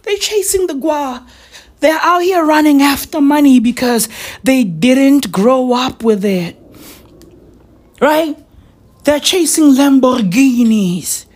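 A man ranting casually and profanely, rambling and excitable, with sudden shouts. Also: extremely high pitch.

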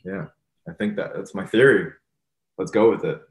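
A man's voice: sits low, normal speed. A young man, a musician being interviewed, talking casually and rambling with lots of "like" and "you know". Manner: relaxed, rambling, many fillers like "like" and "you know". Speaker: musician guest.

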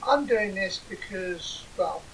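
A woman's voice: mid-range voice, lively intonation, slow. An English woman, probably in her forties, co-hosting a podcast and telling stories in a dry, sarcastic way. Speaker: podcast co-host. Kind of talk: casual banter. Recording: distant mic with faint hiss.

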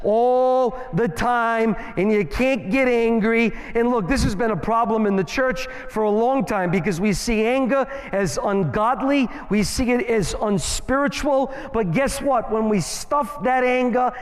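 A man's voice: very high-pitched, a little slow, few pauses. A man preaching a sermon as a guest speaker in a church, emphatic and playful, with rhythmic rhyming phrases. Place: church sanctuary. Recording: long hall reverb in church.

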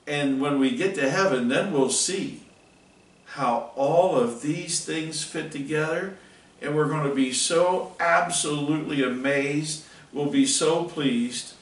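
A middle-aged man leads a catechism class in a folksy, earnest storytelling manner, his voice a touch high. He sounds set back from the microphone in a roomy, echoing space. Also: takes it slowly. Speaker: catechism teacher. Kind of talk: catechism class talk with personal anecdote. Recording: roomy, mic far off.

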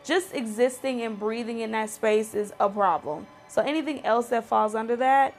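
A woman's voice: a little high, moderate pace, faint music behind. A woman hosting a video series, speaking fervently and with frustration to her viewers, full of fillers and restarts. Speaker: series host addressing viewers. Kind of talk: impassioned personal commentary to camera.

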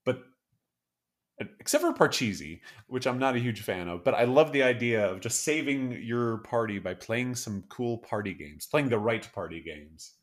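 A man's voice: mid-range voice, lively intonation, normal speed. A man co-hosting a casual podcast chat about songs, an enthusiastic storyteller who laughs often. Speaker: podcast co-host.

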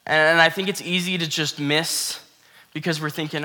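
A man's voice: on the high side, fairly even intonation, normal speed, pushed and bright. A man giving a casual, earnest sermon, talking conversationally with lots of "like" and "you know". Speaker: pastor. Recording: long hall reverb.

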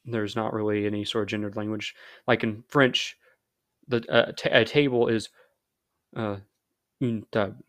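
A man's voice: on the low side, little pitch movement, moderate pace, pauses often, a bit bright, smooth, no echo. An American man hosting a podcast in a casual, rambling monologue full of fillers and self-deprecating asides. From United States. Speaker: podcast host.

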